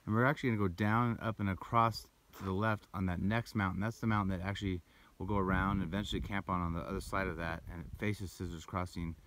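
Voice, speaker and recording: A low-voiced man talks through his hike in a loose, rambling way, pointing out the trail ahead as he walks. He is recorded outdoors on a handheld camera, with a faint hiss of wind and noise behind him. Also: fairly even intonation, fast talker, hardly any pauses, a bit bright. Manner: rambling, breathy while climbing, pointing out the route. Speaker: hiker vlogger. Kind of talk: casual trail vlog narration. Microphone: handheld camera while walking.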